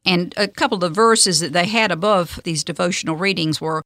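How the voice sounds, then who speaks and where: A woman hosting a radio devotional, reading a story and scripture in a steady, measured way. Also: fairly low pitch, dry recording, studio quality. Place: radio studio.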